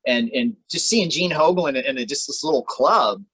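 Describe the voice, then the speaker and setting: A man's voice: medium pitch, lively intonation, normal speed, a bit bright, breathy edge, no room sound, poor audio. A man co-hosting a podcast in casual chat, laid-back and rambling, swearing freely and tossing in "man" a lot. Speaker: podcast co-host.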